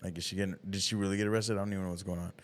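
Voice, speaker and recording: A man's voice: low voice, steady tone, very fast. Laughing podcast host, casual guy. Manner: laughs a lot, swears casually, calls people bro. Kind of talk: casual chat.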